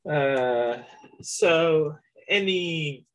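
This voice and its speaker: A man's voice: a little high, drawn-out words, low-quality recording. A man hosting a podcast interview, hesitant and full of fillers, laughing often. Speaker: podcast host. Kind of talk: casual interview.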